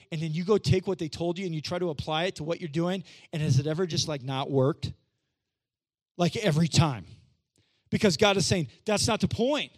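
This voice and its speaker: Conversational male pastor preaching. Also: high voice. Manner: conversational preaching, repeats phrases, frequent "right?"; swings between quiet and loud emphasis. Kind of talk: sermon.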